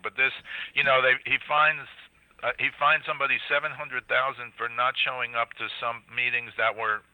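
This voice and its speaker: A man's voice: mid-range voice, pushed and bright, no room sound, poor audio. An older man from New York, a sports broadcaster, talking casually as a guest on a radio show. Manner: conversational, uses fillers.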